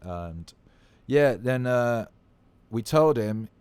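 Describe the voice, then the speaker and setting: A man's voice: mid-range voice, expressive, drawn-out words, darkish tone, smooth, no echo. A tired man hosting a livestream, chatting loosely and swearing freely as he greets viewers. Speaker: livestream host. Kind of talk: casual livestream chat.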